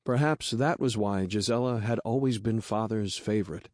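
In a fairly low voice, a man narrates an audiobook steadily and with measure. The recording is studio quality and has no room sound.

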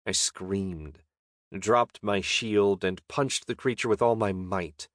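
A man narrating a fantasy audiobook with a wry, deadpan manner. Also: low-pitched, slow pace, no echo, clean studio sound.

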